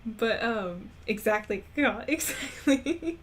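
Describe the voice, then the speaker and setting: A woman's voice: fairly high pitch, lively intonation, slow pace, a bit bright, a little hiss or hum. A woman streamer chatting casually while gaming, rambling and laughing often. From Texas.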